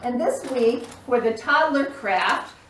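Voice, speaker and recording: A woman telling a storytime tale to toddlers, an expressive storyteller who makes the animal noises herself. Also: a little high, slow pace, slight background noise. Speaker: children's librarian. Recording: echoey room, mic at a distance.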